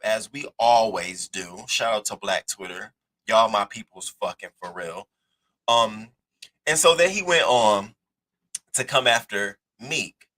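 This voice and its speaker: A man's voice: mid-range voice, sharp tone, poor audio. A man hosting a celebrity news show, delivering a heated, profane commentary rant. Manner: blunt and profane, emphatic.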